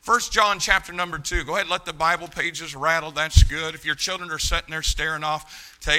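Fiery pastor, male, high ringing voice, hushed asides then big shouted emphasis. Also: brisk. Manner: impassioned preaching, swings from quiet asides to loud shouted emphasis. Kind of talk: sermon. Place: church sanctuary.

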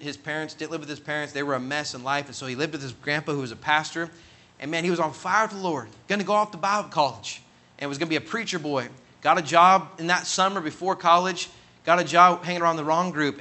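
A man preaching, telling a long personal story earnestly and with emphasis, and quoting others as he goes. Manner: earnest, emphatic, builds to loud high peaks when quoting others. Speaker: pastor. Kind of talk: sermon storytelling.

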